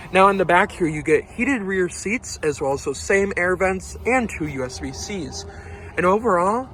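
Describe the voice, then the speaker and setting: A man's voice: high-pitched, a bit bright, slight background noise. A man giving a casual, upbeat walkaround review of a car, pointing things out as he talks from inside the cabin.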